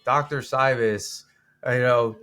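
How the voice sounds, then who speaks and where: A man's voice: mid-range voice, steady tone, slow pace, a bit bright, soft background music. A young man, the guest on a podcast, talking casually and rambling with many fillers and restarts. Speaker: documentary co-producer, guest. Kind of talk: casual interview chat.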